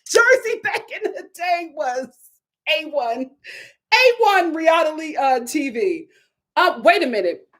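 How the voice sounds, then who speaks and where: Animated high-voiced woman recapping reality TV. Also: takes it slowly. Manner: animated, incredulous, repeats herself for emphasis. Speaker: reality TV review host. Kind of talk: casual live recap chat.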